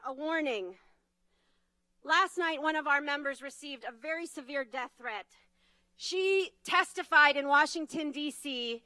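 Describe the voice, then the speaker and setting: Woman activist, high bright voice, dry close sound, urgent and emphatic stage speech. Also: dry recording, poor audio. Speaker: advocacy leader giving a speech. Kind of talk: impassioned rally speech. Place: conference stage.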